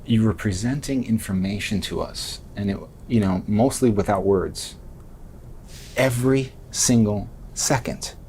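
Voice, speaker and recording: Man, podcast host, somewhat low voice, effusive and rambling, self-interrupting, faint rumble. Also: unhurried, a little mellow. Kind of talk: enthusiastic interview talk.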